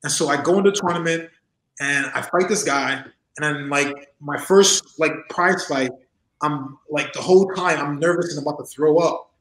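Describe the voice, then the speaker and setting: A man in his forties with a somewhat high voice tells his stories in a loose, animated way, laughing often and slipping into the voices of the people he describes. He talks from a home room over a video call, and the sound echoes around the room. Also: normal speed, slight background noise. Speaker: interview guest. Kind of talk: casual storytelling in an interview.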